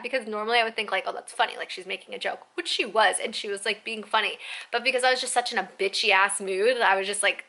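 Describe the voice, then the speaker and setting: A woman's voice: medium pitch, fast, sharp tone. A young woman vlogging to camera in a rambling, chatty way, full of "like". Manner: rambling, chatty, says "like" constantly. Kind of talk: casual storytelling vlog.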